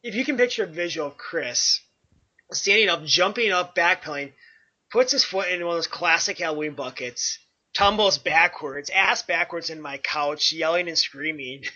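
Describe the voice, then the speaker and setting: A man co-hosting a sports podcast with a very bright, sharp voice, chummy and quick to agree and add details. His audio is dull and lo-fi, with the top end muffled. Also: fairly high pitch. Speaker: podcast co-host. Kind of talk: casual sports podcast chat.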